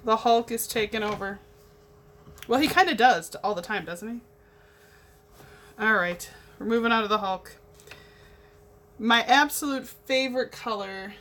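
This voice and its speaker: A woman's voice: a little high, a little slow, long pauses, fairly bright tone, a little hiss or hum. Bubbly chatty woman. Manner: bubbly, chatty, talks to viewers while working. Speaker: craft livestream host. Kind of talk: casual chat while painting.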